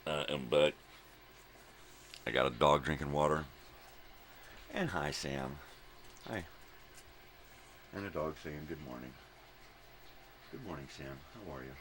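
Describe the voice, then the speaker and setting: A man's voice: a bass voice, unhurried, pauses often, background noise. An older man in a casual morning vlog at home, talking fondly to his dogs in baby talk and tossing in simple Spanish words. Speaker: vlogger.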